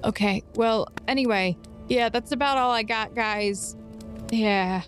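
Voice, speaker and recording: A woman's voice: a little high, unhurried, faint music behind. A woman playing in a tabletop game, chatting easily with the group. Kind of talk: casual role-play chat.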